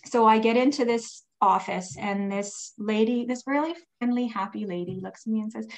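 A woman's voice: fairly high pitch, normal speed, rough recording. Woman telling a personal story. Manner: animated retelling with frequent restarts and "like". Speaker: guest sharing a personal testimony.

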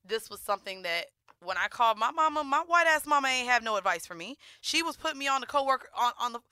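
A young woman co-hosts a casual podcast and speaks bluntly, with plenty of swearing. Her voice is fairly high, bright and smooth. The sound is close and dry. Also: expressive, quick pace, no room sound. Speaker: podcast co-host. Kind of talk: candid casual chat.

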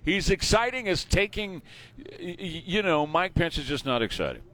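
A man hosting morning talk radio in a studio, joking and animated, often repeating phrases. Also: a little high, normal speed. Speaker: radio talk show host. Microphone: studio microphone.

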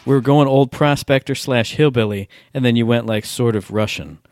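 A man's voice: medium pitch, moderate pace, darkish tone, slight background noise. A man co-hosting a podcast over a Skype call, talking casually in a laid-back, rambling, self-deprecating way. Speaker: podcast co-host. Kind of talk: casual chat.

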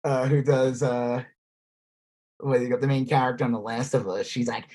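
Man, podcast co-host, casual chat, rambling, animated, swears a lot, mid pitch. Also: normal speed. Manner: rambling, animated, swears freely and mimics posh voices.

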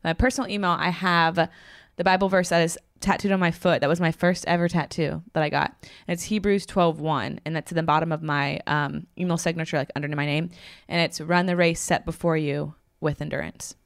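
A woman co-hosting a casual podcast over a video call, relaxed and answering with short replies. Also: deep voice, a little fast, creaky, dry recording, studio quality. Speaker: podcast co-host. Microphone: remote video call.

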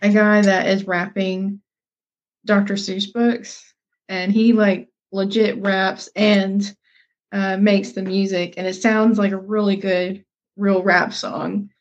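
A woman's voice: mid-range voice, level tone, slow. Young woman gabbing on a podcast, lots of ums and laughs, kinda dull lo-fi audio. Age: young adult. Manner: chatty, lots of fillers and laughs. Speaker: podcast co-host. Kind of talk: casual chat.

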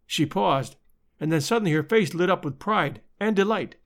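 A man reading a classic detective story aloud in an expressive, dramatic storytelling manner. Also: high-pitched, normal speed. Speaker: narrator.

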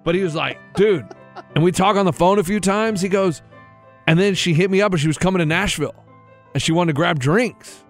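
A man co-hosts a casual podcast, speaking briskly over faint background music. He retells a conversation he overheard, lowering his voice to imitate the people involved.

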